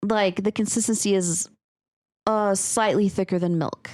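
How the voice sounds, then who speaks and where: A woman's voice: medium pitch, fairly even intonation, unhurried, darkish tone, dry recording, clean studio sound. Chatty woman podcast host. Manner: chatty storyteller, laughs often, some swearing. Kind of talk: casual chat. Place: West Texas.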